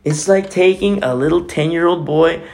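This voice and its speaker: A man's voice: fairly high pitch, normal speed, gravelly, darkish tone. A man preaching a sermon as pastor, emphatic, asking rhetorical questions and repeating phrases for weight.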